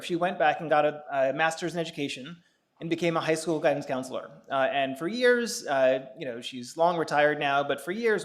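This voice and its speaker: In a lecture hall, a man from the Bahamas in his fifties gives a public law lecture in a slightly high voice. His delivery is chatty and anecdotal, peppered with filler sounds and light laughter.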